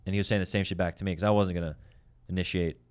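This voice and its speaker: Male comic, low voice, rapid-fire profane storytelling. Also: fairly even intonation, clear, resonant tone. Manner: fast, profane, heated retelling. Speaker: stand-up comedian. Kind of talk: casual storytelling.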